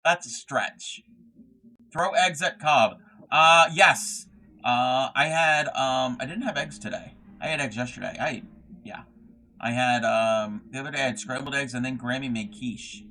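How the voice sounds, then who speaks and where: Bright-voiced rambling man streaming. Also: mid-range voice, a little hiss or hum. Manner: rambling, reads chat aloud, trails off with fillers. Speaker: craft livestream host. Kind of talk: casual livestream chat.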